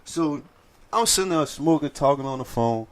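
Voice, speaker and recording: A guest shares funny stories in a relaxed chat among friends, animatedly acting out the voices of the people involved. His voice is a little high and his pace moderate.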